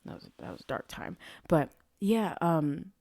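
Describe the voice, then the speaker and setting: A woman's voice: fairly low pitch, lively intonation, measured pace, a little mellow, no echo. A young adult woman hosting her own podcast in casual, rambling chat that swears freely and keeps drifting off topic. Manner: rambling, profane, easily sidetracked. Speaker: podcast host. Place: at home, street traffic nearby.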